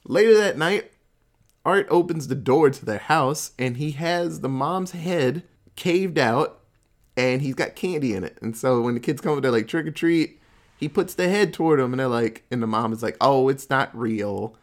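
A man casually retelling a horror film plot, cursing freely, dropping in asides and quick impressions of the characters. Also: mid-range voice, lively intonation. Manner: crude, profanity-laced storytelling with quick asides. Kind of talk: casual movie recap.

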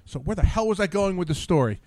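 Host: quick, animated Philly-man, rambling storyteller, dry close mic. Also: high voice, no echo. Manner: rambling, loses his train of thought. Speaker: podcast host. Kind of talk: casual profane storytelling.

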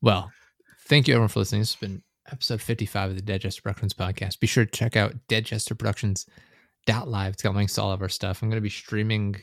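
A man's voice: fairly low pitch, flat delivery, fast, gravelly, no room sound, studio quality. A young man hosting a casual gaming podcast, rambling and swearing often, with frequent laughter. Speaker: podcast host.

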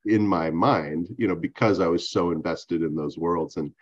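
Middle-aged author guest, really deep voice, kinda muffled lo-fi line, thoughtful and wry. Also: male voice, moderate pace. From Southern California. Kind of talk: interview conversation.

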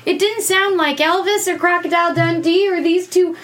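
Woman playing a flustered actress, high voice, quick questions, exasperated, improv comedy. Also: steady tone, fairly bright tone. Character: flustered young actress stuck before an audition.

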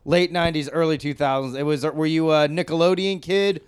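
A man's voice: a little high, fairly even intonation, fairly quick, clear, resonant tone, dry recording. A man co-hosting a comedy podcast, making sardonic, crude quips. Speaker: podcast co-host. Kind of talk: casual comedy chat.

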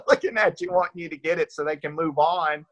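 A man from Northeast Georgia with a rural Georgia accent answers interview questions as an actor guest, his voice a little high, fairly quick, pushed and bright. He's chatty and self-deprecating, laughs often, and restarts his sentences.

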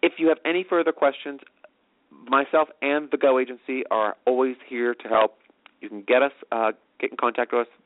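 Guy hosting a radio-style show, rambles fast w lots of ums, tinny phone-ish dry sound. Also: mid-range voice, dry recording. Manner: rambling, filler-heavy, fast. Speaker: host. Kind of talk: casual talk show explanation.

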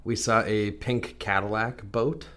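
Laid-back guy cohost, short easy replies, casual banter. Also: lowish voice. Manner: relaxed, quick short replies. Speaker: podcast co-host. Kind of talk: casual chat.

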